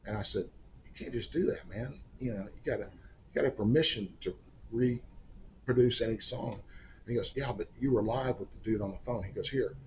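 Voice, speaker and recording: A middle-aged man, a singer-songwriter appearing as a guest, tells a long anecdote in a casual, wry, self-deprecating way, acting out the people he quotes. His voice is fairly low, and there's a little hiss or hum in the recording, made in a studio or room in Oklahoma.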